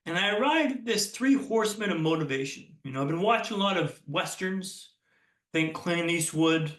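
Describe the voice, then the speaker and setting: A man's voice: sits high, expressive, moderate pace, fairly bright tone. A young man giving an earnest motivational keynote talk, telling personal stories and often restarting his phrases. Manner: earnest storytelling with frequent restarts. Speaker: keynote speaker. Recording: roomy sound from a distance.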